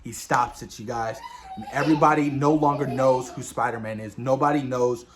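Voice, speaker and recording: A man casually reviewing a movie, excitedly retelling scenes, swearing freely and briefly voicing the characters. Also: mid-range voice, moderate pace. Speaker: movie discussion host.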